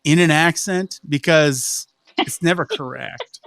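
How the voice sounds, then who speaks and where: A man's voice: fairly high pitch, unhurried, gravelly, fairly bright tone, dry recording. A man co-hosting a casual podcast, making dry, teasing wisecracks. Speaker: podcast co-host.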